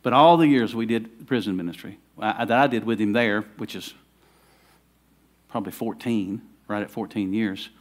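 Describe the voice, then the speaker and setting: A man's voice: on the low side, normal speed. A middle-aged man, preaching a sermon in a conversational way that builds to fervent emphasis. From Southern United States. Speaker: pastor.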